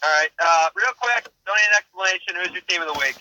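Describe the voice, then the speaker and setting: A man hosting a casual sports podcast, briskly steering through segments and picks. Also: sits high, bright, forceful tone, dull audio. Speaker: podcast host.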